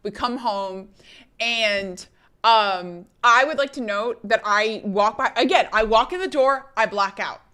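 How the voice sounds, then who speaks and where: A young woman streamer telling a story to her chat in an animated, laughing way, swearing freely. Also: a little high, a little slow, clean tone.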